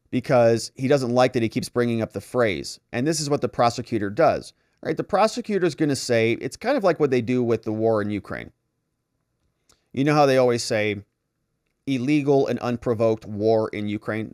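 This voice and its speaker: A male lawyer giving an animated trial recap, acting out the exchanges as he tells them. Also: mid-range voice, brisk, no room sound, studio quality. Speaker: lawyer and commentator.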